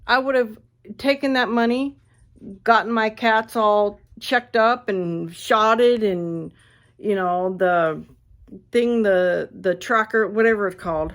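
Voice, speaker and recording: A woman ranting casually to her viewers, blunt and animated, swearing freely, recorded on a phone indoors at a friend's house. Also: medium pitch, slow pace. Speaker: vlogger.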